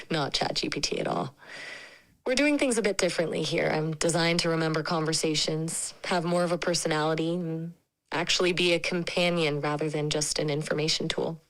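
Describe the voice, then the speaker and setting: A synthetic female voice acts as an AI companion, chatting in a friendly, casual and opinionated way. The low-pitched voice moves at a normal speed, but the audio quality is poor.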